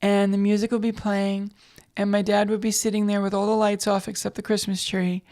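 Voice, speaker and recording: A woman's voice: mid-range voice, flat delivery, fairly quick, a little mellow. A woman co-hosting a casual podcast chat, joking and self-mocking. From United States. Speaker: podcast co-host.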